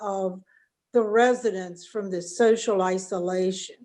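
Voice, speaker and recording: A woman's voice: medium pitch, fairly even intonation, a little slow, dark tone. A woman politely asking a question over a video call. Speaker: questioner in audience.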